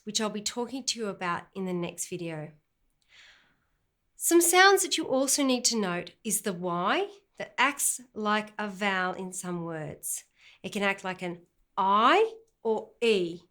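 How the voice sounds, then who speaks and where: A woman's voice: mid-range voice, fairly bright tone. A middle-aged Australian woman teaching phonics, explaining and then carefully pronouncing letter sounds one by one. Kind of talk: instructional explanation and sound drill.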